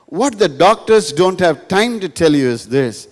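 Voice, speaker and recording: A high, expressive male voice, unhurried in pace, belongs to a pastor preaching to a live audience in a school hall. His sermon is humorous, built on stories and emphatic repeated lines, and the room is reverberant.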